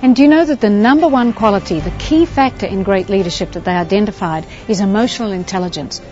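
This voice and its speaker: A motivational speaker describing her approach in a steady, persuasive promotional talk. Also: medium pitch, quick pace, highs cut off, soft background music.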